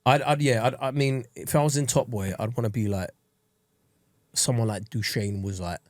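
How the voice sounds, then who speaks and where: A man's voice: medium pitch, moderate pace, no echo. A man, chatting crudely and jokily as a podcast co-host. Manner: crude, animated, jokey. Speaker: comedian co-host. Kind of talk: casual podcast chat.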